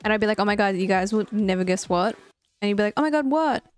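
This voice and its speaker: A woman's voice: mid-range voice, little pitch movement, fast, clear, resonant tone, faint music behind. A young woman with an Australian accent, chatting casually and animatedly while gaming, giggling often and swearing freely. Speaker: streamer.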